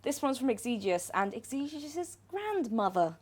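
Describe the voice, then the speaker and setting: A woman's voice: a little high, sing-song, moderate pace, darkish tone. A woman hosting a livestream, gushing and laughing as she introduces fan clips in casual chat. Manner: giggly, gushing, laughs often. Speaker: stream host.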